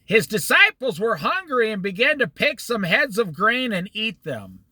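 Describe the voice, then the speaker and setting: A man leading an informal Bible study, explaining scripture in an animated, storytelling way and acting out the quotes. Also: high-pitched, normal speed, no echo.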